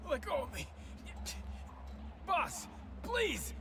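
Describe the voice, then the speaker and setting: A man's voice: very high-pitched, huge pitch swings, very slow, exaggerated voice. An actor playing a frightened young henchman who keeps begging for mercy. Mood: pleading. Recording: game audio with loud noise.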